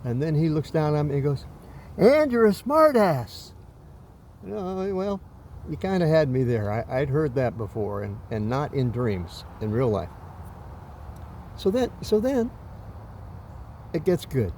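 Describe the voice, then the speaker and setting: A man's voice: medium pitch, expressive, unhurried, long pauses, mellow, slight background noise. A man casually recounting a dream in a rambling, self-deprecating way. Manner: rambling, self-deprecating, with many fillers and restarts.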